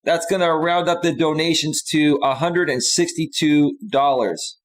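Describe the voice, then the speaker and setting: A man hosting a live stream, laughing a lot as he reads chat and loudly thanks donors. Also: fairly high pitch, fairly even intonation. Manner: slow, drawn-out delivery with loud outbursts.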